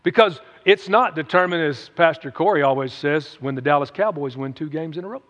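A man's voice: fairly high pitch, fairly quick, a bit bright. Man, preacher, folksy sermon, long hall reverb. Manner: conversational, folksy, with frequent "amen?" call-outs. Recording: echoey hall, dull lo-fi sound.

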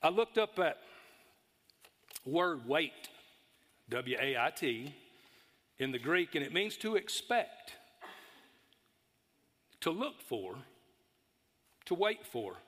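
A man's voice: fairly high pitch, big pitch swings, slow, pauses often, a bit bright. A man with a Texas accent preaching a sermon in a folksy, storytelling way to a church congregation. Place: church sanctuary. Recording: long reverb of a large hall.

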